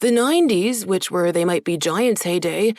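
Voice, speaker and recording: A woman's voice: on the low side, moderate pace, darkish tone, no echo, studio quality, close to an everyday voice. A woman voicing a nerdy teenage boy who protests in a pedantic way. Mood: protesting.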